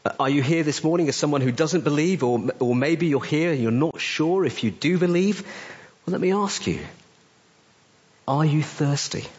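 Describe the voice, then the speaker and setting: A male pastor preaching a sermon with emphatic delivery, his voice rising on questions and dropping low on key phrases. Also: normal speed, darkish tone, dull audio. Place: church.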